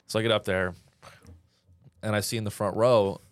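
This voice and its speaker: A male comedian co-hosting a podcast in casual chat, telling stories with a wry, deadpan delivery. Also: on the low side, moderate pace, no echo, clean studio sound.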